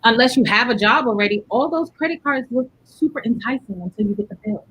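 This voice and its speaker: A woman's voice: fairly high pitch, expressive, fast, a bit bright, breathy edge, lo-fi sound. A woman hosting a casual talk show, speaking candidly and directly with short firm agreements. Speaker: show host. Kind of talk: casual chat.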